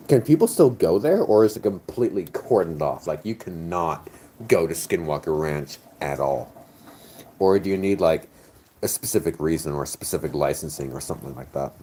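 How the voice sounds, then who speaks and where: A man's voice: low-pitched, lively intonation, moderate pace, dark tone, a little hiss or hum. A tipsy man chatting casually on a stream, rambling, joking and swearing, his words slightly slurred. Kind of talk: casual chat.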